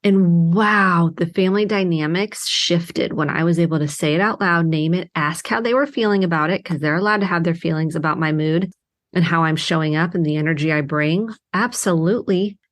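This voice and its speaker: Middle-aged woman therapist hosting a solo podcast: earnest, heartfelt, a touch low in pitch, emphatic at times. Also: fairly quick. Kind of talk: reflective solo podcast monologue.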